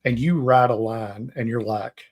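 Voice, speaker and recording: A man's voice: medium pitch, steady tone, a little slow, a little mellow. A man from Tennessee with a Southern US accent, hosting a casual livestream interview, rambling and laughing often. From Tennessee, USA. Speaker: livestream host.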